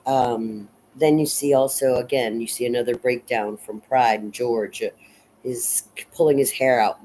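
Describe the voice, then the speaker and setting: A woman casually recapping and analyzing a film in a rambling, unhurried way, full of fillers and restarts. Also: very deep voice, darkish tone, low-quality recording. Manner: unhurried and reflective. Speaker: film reviewer.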